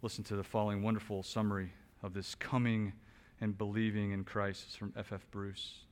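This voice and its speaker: A man preaching an expository sermon as pastor. He talks conversationally with small restarts, builds to loud emphatic peaks and then drops back quiet. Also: fairly low pitch, level tone, a little fast.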